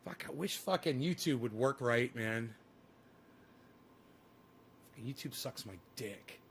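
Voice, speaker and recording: A man's voice: mid-range voice, animated, moderate pace, gravelly, a little hiss or hum. A man ranting profanely and combatively at his livestream chat. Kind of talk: casual livestream rant.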